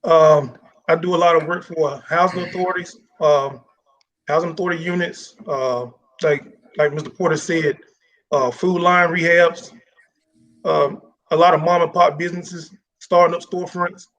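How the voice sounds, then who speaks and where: Man, contractor, matter-of-fact, somewhat high voice. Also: steady tone, moderate pace, fairly bright tone, low-quality recording. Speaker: guest, general contractor. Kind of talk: panel conversation.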